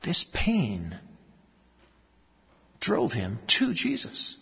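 A man preaching a sermon earnestly, dropping low and slow for stories and rising for emphasis. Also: wildly swooping pitch. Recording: dull sound with long hall reverb.

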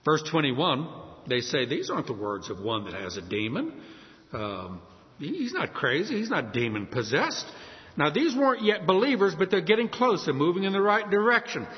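Man preaching, high lively voice, echoing hall, dull lo-fi sound. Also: normal speed. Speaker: pastor. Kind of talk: sermon.

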